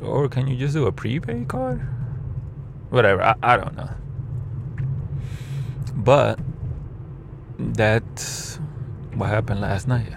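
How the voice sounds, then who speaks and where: A man telling a rambling, profane story from his car about his rideshare driving, switching into animated quoted voices. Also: medium pitch, slow, gravelly, pauses often, background noise. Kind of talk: casual storytelling.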